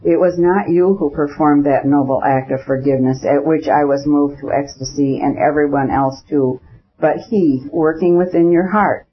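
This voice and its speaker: A man's voice: on the high side, steady tone, normal speed, close to an everyday voice. A man reading the lines of a fervent, pious middle-aged countess who gushes with consoling devotion in an audiobook. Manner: gushing, rapturous and consoling. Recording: dull lo-fi recording.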